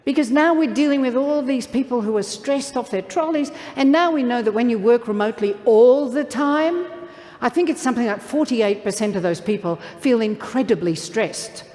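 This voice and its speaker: A woman's voice: a little high, lively intonation, moderate pace, mellow. A middle-aged woman giving a motivational keynote, playful and talking straight to her audience from the stage. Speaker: keynote speaker. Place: large event hall. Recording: reverberant hall.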